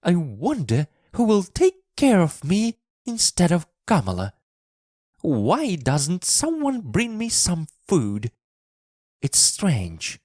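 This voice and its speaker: A man's voice: sits high, huge pitch swings, slow pace, darkish tone, no echo, studio quality, voice pushed up, full character voice. A man voicing a selfish, bad-tempered girl of about nine in a storybook reading, speaking crossly and demandingly. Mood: wondering. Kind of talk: storybook reading with character voices.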